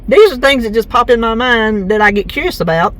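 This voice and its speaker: A woman's voice: fairly high pitch, expressive, fairly quick. A woman, chatting casually and folksily in a vlog, laughing easily, recorded on a phone camera in a car and at home. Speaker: vlogger.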